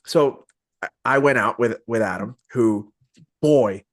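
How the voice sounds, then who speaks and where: A man hosting a podcast interview, telling stories in an animated, joking, slangy way. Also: mid-range voice, takes it slowly, no echo, clean studio sound. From Arizona. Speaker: podcast host. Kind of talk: casual interview chat.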